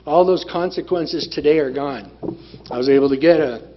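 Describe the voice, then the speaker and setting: A man's voice: on the high side, moderate pace. A man sharing his recovery story at a group meeting, plain-spoken and blunt, repeating phrases for emphasis. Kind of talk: personal testimony talk. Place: meeting room. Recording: dull lo-fi room recording with faint noise.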